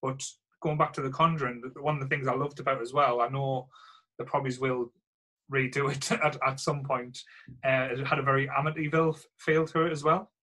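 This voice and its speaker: A man's voice: medium pitch, little pitch movement, a little fast, bright, forceful tone, poor audio. A man in casual film chat, easygoing and hesitant with many fillers.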